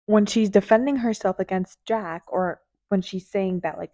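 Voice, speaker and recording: Young woman gushing about her book in a slow easygoing vlog, mellow voice, dry close mic. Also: mid-range voice, no echo. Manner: gushing, excitable, reads lines aloud. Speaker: book vlogger. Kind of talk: casual reading vlog commentary.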